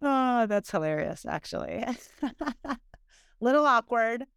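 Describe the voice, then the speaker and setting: A woman in casual podcast chat, reacting in a lively way. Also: on the high side, slow, gravelly, smooth, no room sound, clean studio sound.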